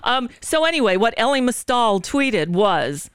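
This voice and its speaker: A woman radio host speaking with passion and indignation, her pitch rising and falling in lively swings. Her voice is smooth and resonant, heard on a close studio mic in a dry, dead room. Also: unhurried, dry recording. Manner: impassioned, indignant storytelling. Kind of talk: political talk show commentary.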